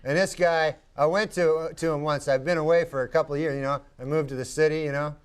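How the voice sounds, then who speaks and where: Deadpan man with a high voice. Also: smooth. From Canada. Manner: deadpan, meandering, halting delivery. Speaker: talk show guest. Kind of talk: rambling comic storytelling. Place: television studio.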